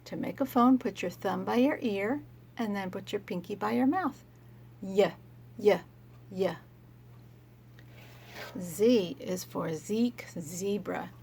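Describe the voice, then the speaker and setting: Woman teacher, slow and slightly gravelly, gentle phonics lesson for kids. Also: mid-range voice, a little hiss or hum. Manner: slow, gentle, sounding out letters for children.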